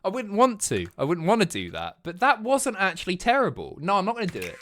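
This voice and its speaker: A man in his thirties chats casually while hosting a livestream. His voice is lively and bouncy in pitch, and his talk is blunt, sweary and sardonic. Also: quick pace. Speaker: livestream host. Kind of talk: casual stream chat.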